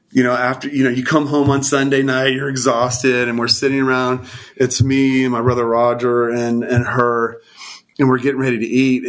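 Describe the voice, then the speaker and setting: An earnest, heartfelt man in his fifties from California, speaking at a medium pitch, shares an emotional personal testimony as a guest in conversation. At tender moments his voice drops to a hushed near-whisper.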